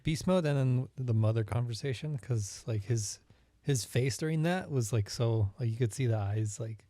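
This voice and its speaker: Mellow-voiced man in laid-back chat. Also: mid-range voice, normal speed, dry recording, clean studio sound. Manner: short laid-back replies. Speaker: podcast co-host. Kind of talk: casual movie review chat.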